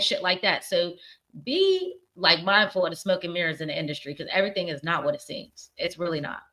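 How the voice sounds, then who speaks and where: A woman hosting a casual pop culture show, speaking with a slightly low pitch and a bright, forceful tone. She talks candidly and curses freely, and her accent mixes Virginia with the northern US. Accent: mixed Virginia and northern US. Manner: candid, opinionated, cursing freely. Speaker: podcast host.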